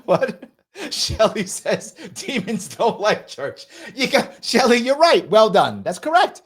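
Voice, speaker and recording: A man's voice: high-pitched, huge pitch swings, measured pace, slightly rough. A man hosting a live commentary show, reading viewer chat in a sarcastic, mocking way.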